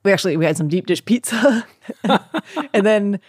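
A man's voice: high voice, moderate pace, no room sound, studio quality. A man talking as a podcast guest in casual chat, telling a story and acting out the voices of the people he quotes. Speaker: podcast guest, marathon runner.

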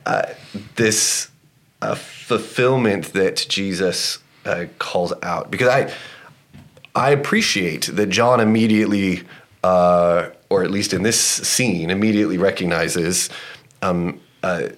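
Male co-host, very low voice, casual and playful scripture discussion. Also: slow. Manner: animated, jumps way up in pitch when amused. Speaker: podcast co-host.

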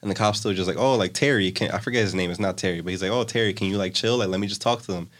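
A man's voice: lowish voice, very fast, fairly bright tone. A young man casually retelling a story in a loose, rambling way, full of filler words. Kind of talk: casual chat.

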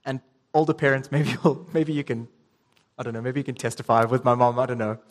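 A man's voice: medium pitch, fairly even intonation, a little fast. A young man preaching a sermon, reading scripture and telling a casual story with ums and restarts. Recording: long reverb in a hall.

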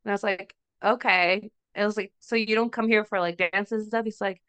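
In this clip, a young female podcast co-host spins an animated story, voicing the quoted lines herself and saying "like" a lot along the way. Her medium-pitched voice is smooth and fairly quick, captured in a dry recording.

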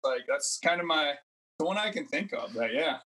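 A man's voice: on the high side, expressive, moderate pace, bright, forceful tone, rough recording. A man in his thirties chatting casually as a podcast guest, rambling through stories and acting out quotes in a raised voice. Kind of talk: casual chat.

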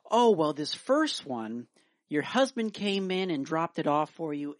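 A man's voice: a little high, no room sound. A man voicing a chatty, cheerful female hospital nurse in a joke he is telling on a podcast. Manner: breezy storytelling delivery of a joke.

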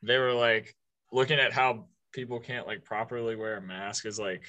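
A man's voice: medium pitch, flat delivery, moderate pace, pushed and bright, highs cut off. A young man chatting casually with a friend. He laughs often and hesitates, trailing off mid-thought. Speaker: college student. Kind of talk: casual chat.

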